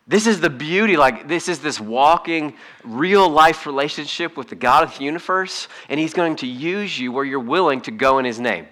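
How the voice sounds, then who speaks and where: A male pastor gives a relaxed, conversational sermon. His voice is bright and a little higher than most men's. He moves quickly between thoughts, with plenty of fillers and restarts. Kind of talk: casual sermon.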